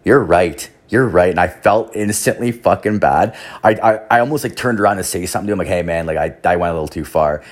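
A man's voice: low voice, fast. A young man hosting a podcast, telling a rambling, profane story full of fillers. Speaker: podcast host. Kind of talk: casual storytelling monologue.

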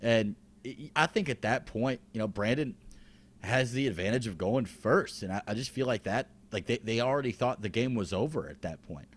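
A man's voice: medium pitch, lively intonation, moderate pace. A man co-hosting a podcast, talking in a laid-back, wry way with frequent restarts. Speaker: podcast co-host. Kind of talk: casual recap chat.

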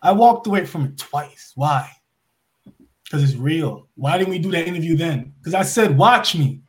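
A man from New York speaks in a high voice that leaps up and down in pitch. He preaches in long bursts and throws out rhetorical questions. His volume swings from loud to soft and back. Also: expressive, moderate pace. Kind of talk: impassioned monologue.

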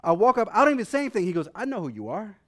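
Guy preaching, high voice, tells a wild story all worked up then slows down to teach. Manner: excitable storytelling, acting out quotes, then calmer teaching. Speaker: pastor. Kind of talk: sermon with animated personal story.

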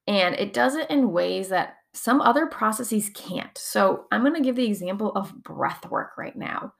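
A woman's voice: medium pitch, expressive, moderate pace, creaky. A young adult woman explaining somatic coaching techniques in a chatty, casual teaching talk, full of fillers and frequent laughs.

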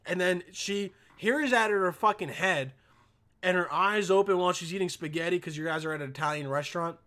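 A young man rants in a high, bright voice, swearing freely and tripping over repeated words. He keeps pressing for agreement with "all right?" and "okay?" as he goes. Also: brisk. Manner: stumbling repetitions. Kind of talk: casual profane rant.

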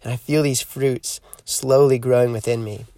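A man hosting a podcast, giving a reflective spiritual teaching in a measured, earnest way that slows down to stress key points. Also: medium pitch, steady tone, dark tone, no echo, studio quality. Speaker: podcast host.

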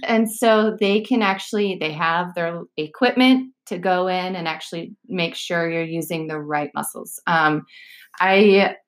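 A woman in her thirties talks as a fitness coach in relaxed conversation. Her voice sits a little low, and her explanations ramble with fillers and restarts. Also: a little slow. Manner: chatty, explains with many fillers. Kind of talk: casual podcast chat.

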